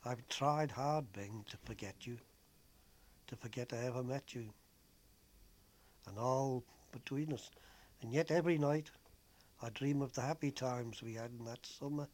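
A man voicing a young, homesick woman nurse who speaks earnestly and with quiet feeling. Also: mid-range voice, a little slow, pauses often, natural voice. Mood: wistful.

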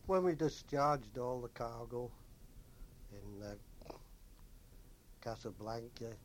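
An older man, a former merchant seaman, recalling wartime memories in an unhurried, anecdotal way. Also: medium pitch, slight background noise. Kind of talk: oral history recollection.

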